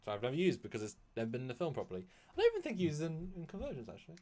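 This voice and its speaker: A man's voice: on the high side, rapid-fire. A man chatting casually as a guest on a live stream about his fan films, rambling with frequent laughs and restarts. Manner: rambling, animated, laughs often.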